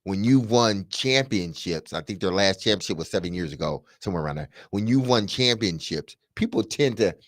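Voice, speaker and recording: Deep-voiced male co-host, slow and expressive with lots of ums. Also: no echo, clean studio sound. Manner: unhurried, with fillers and pauses. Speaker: sports talk show co-host. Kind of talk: sports radio talk.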